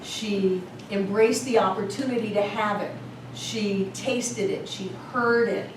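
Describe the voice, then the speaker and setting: Animated woman teaching in an echoey room. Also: mid-range voice, takes it slowly. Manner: animated, laughs often, acts out voices. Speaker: spiritual class teacher. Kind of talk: storytelling lecture to a class. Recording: very echoey room, distant mic, faint hiss.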